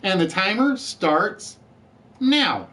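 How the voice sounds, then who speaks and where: A man's voice: sits high, big pitch swings, extremely slow, bright, forceful tone. A man hosting a live-streamed word game show, chatty, reading out letters and scores and joking with the players.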